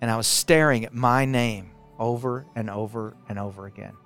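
A man's voice: mid-range voice, steady tone, normal speed, soft background music. Intense man telling a personal testimony. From Arkansas, US. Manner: intense, builds with repetition, drops quiet for emphasis. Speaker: speaker sharing a personal testimony. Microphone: camera, speaking to it.

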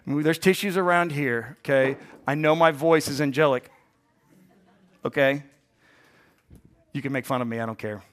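A man in his forties, hoarse from a bout of bronchitis, preaches to his congregation. He mixes playful asides with loud, emphatic peaks. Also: mid-range voice, moderate pace, pauses often. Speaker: pastor. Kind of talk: sermon.

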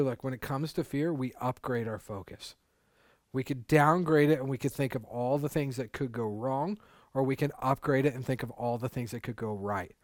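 A man's voice: medium pitch, dry recording. A male pastor delivers a sermon in an open, conversational way, circling back and repeating words to press a point home. His voice sits in a middle register. The sound is close and dry, with almost no room around it. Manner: candid, conversational preaching with emphatic repetition.

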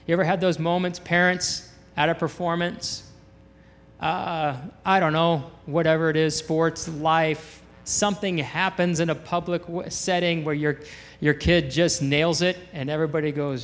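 A man preaching a sermon in a church, animated and excitable, often repeating his words. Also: on the high side, unhurried. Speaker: pastor. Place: church sanctuary. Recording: long hall reverb in a church.

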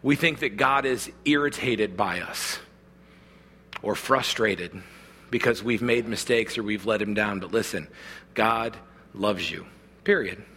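A man's voice: fairly low pitch, a little slow, a bit bright, breathy edge, in a large hall. A man preaching a sermon as a pastor, talking to the congregation in an earnest, conversational way.

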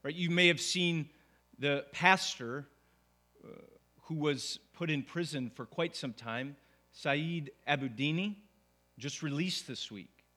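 Bright-voiced man preaching a conversational sermon. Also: a little high, slow. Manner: conversational, asks the congregation "right?". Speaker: pastor.

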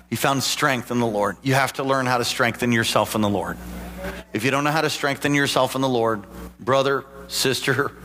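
A man, a pastor, preaching a sermon, often rising into animated exhortation. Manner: animated preaching, climbs in pitch and volume toward exhortation. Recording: long hall reverb, faint background hum.

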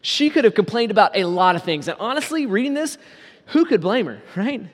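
A man preaching a sermon as pastor, asking the congregation rhetorical questions and slowing down on key words. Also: sits high, very animated, in a large hall.

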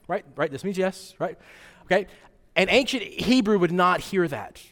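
A man's voice: high-pitched, expressive, normal speed, a bit bright, long reverb tail. A man preaching a sermon as pastor, in a conversational style that keeps checking in with rhetorical questions.

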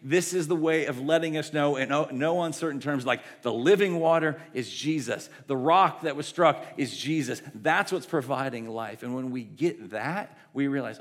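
Preacher in a reverberant hall. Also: male voice, mid-range voice, animated, normal speed, few pauses. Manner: conversational, with fillers and self-corrections. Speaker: pastor. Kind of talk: sermon.

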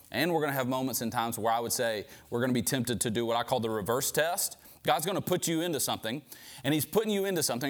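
A man preaching to a group of men in a relaxed, conversational way. His pitch sits at an ordinary middle level. He stumbles over and repeats words as he talks. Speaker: pastor leading a men's group. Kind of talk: informal sermon.

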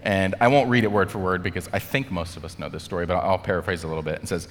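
A young male pastor gives a relaxed, conversational sermon in a lowish voice. He is animated and chatty, leaning on "like" and acting out voices. The sound carries a long reverb from a large church hall. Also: quick pace. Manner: animated, acts out quotes, many "like" fillers.

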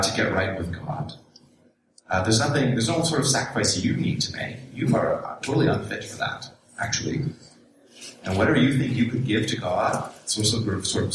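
Conversational pastor in a very echoey church. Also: male voice, lowish voice, distant mic, noisy background. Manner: conversational, emphatic, addresses listeners as folks. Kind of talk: sermon. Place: church sanctuary. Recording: very echoey church room, recorded from afar.

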